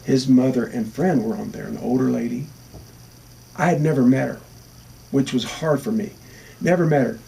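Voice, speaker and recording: A man's voice: mid-range voice, fairly even intonation, normal speed, gravelly, pauses often, dark tone, far from the mic, a little hiss or hum. A man telling a funny road story in a casual interview, acting out the quoted lines.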